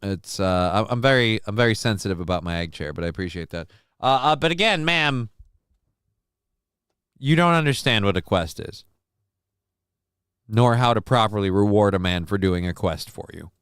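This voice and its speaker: Man, low clear voice, joking show host, rambling, dry close sound. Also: animated, moderate pace, long pauses, no echo. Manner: rambling, joking, swings between loud bits and quiet asides. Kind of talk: casual live-show chat.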